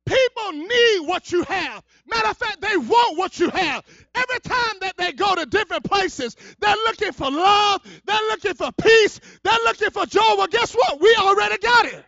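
High, gravelly fiery male preacher. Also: animated, moderate pace, hardly any pauses, no room sound. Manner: swings from low murmurs to fervent shouting. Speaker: evangelist. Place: church service. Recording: dull, lo-fi sermon recording.

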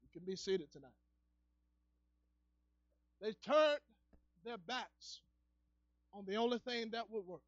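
A male evangelist preaching a church sermon, dropping to low murmurs and then rising into fervent shouting, captured on a dull, lo-fi recording. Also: animated, slow pace, pauses often, no echo. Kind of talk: fiery preaching. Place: church service.

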